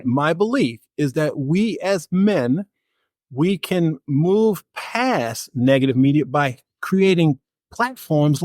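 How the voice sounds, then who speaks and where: A man's voice: fairly high pitch, a little mellow, no room sound, studio quality. A middle-aged man, a life coach and author, speaking emphatically and upbeat as a podcast guest. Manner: emphatic, upbeat, repeats key phrases. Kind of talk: podcast interview.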